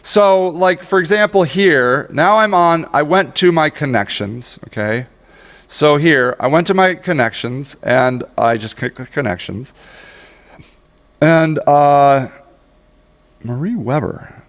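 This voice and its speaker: A man's voice: a little high, lively intonation, takes it slowly, fairly bright tone, in a large hall. A man giving a casual, rambling screen-share tutorial on social media marketing, joking at his own expense and grumbling when the tool won't cooperate. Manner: rambling, self-mocking, easily frustrated.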